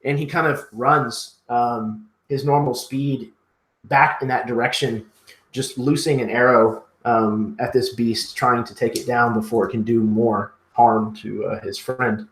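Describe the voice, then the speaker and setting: Man, tabletop player, measured descriptive tone, echoey room. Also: medium pitch, fairly even intonation. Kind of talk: describing his character's actions.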